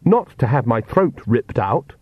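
A man's voice: medium pitch, big pitch swings, measured pace, breathy edge, no room sound, dull audio. A man voicing a timid young priest who speaks hesitantly and politely.

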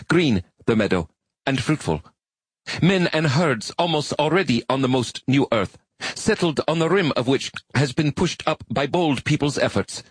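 A man's voice: medium pitch, breathy edge, no room sound, pitched above the performer's own voice. A man voicing an earnest, fussy quasi-arachnid alien who speaks in stiff, formal phrasing in an audiobook.

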